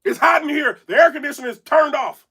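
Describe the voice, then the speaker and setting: A man talking indoors in a casual live-stream commentary, animated and rambling, often checking in with his chat. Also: extremely high pitch, fast talker. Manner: animated, rambling, keeps asking "you know what I'm saying". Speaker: battle rap commentator and blogger. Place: indoor room.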